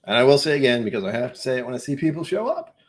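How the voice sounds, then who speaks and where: A man's voice: mid-range voice, big pitch swings, very fast. A man with a New England accent hosting a whiskey live stream, chatting, easily distracted and joking at his own expense. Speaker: whiskey channel host.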